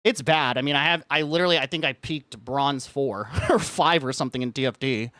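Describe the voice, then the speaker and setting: A man's voice: medium pitch, a little fast, pushed and bright, no room sound. A man streaming live, telling a story in casual chat, rambling and filling his talk with "like" as he rants. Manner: rambling, says "like" constantly; frustrated ranting.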